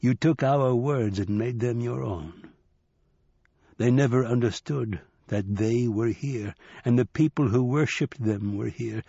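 A man voicing an ancient buffalo-headed male spirit who whispers very slowly and solemnly. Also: mid-range voice, dark tone, breathy edge, dry recording. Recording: slightly dull dry recording.

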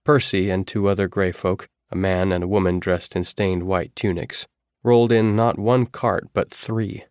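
Male audiobook narrator, low voice, dry close sound, measured first-person storytelling. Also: flat delivery, a little mellow, smooth, no room sound.

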